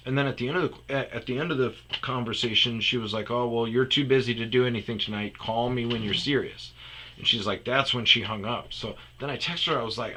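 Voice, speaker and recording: Rambling man with a bright, forceful voice. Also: medium pitch, a little fast, slight background noise. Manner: rambling, restarts, drops to muttered whispers. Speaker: comedic storyteller. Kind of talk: rambling comedic monologue.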